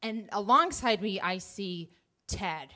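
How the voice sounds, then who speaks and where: A woman in her thirties telling a true story on stage, animated, acting out her own panicked thoughts. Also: mid-range voice, takes it slowly. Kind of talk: live first-person storytelling on stage. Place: theater stage before an audience.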